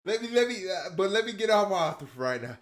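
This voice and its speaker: A man hosting a casual TV reaction video, talking to his viewers, swinging from quiet musing to loud excited hype. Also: high-pitched, quick pace. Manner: excitable, addresses viewers as y'all, drifts between hushed musing and loud hype.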